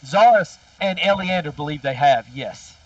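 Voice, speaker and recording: A man narrates a tabletop role-playing session as its game master, relaxed and peppered with fillers. He sits a little back from the mic, and the sound is dry and dull. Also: fairly high pitch, moderate pace, dry recording, recorded from a distance.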